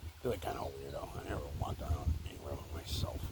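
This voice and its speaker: A man's voice: extremely low pitch, fast, gravelly, noisy background. A man of forty rambling and swearing through an emotional confessional monologue at home, with lots of fillers. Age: 40s. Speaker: vlogger. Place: at home, indoors.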